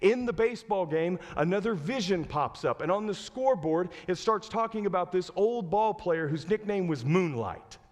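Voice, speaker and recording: A man's voice: high-pitched, normal speed, few pauses. Storytelling male pastor in a reverberant church. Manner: animated storytelling, acting out quoted lines; asks the congregation direct questions. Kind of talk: sermon. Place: church sanctuary.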